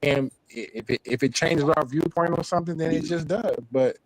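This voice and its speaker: A man speaking as a guest on a casual live stream, earnest and halting, explaining as he goes. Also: fairly high pitch, dry recording, poor audio.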